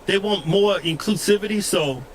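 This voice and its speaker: A man's voice: high voice, normal speed, slight background noise. A man co-hosting in casual banter, blunt and brash, cutting in on others. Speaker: co-host.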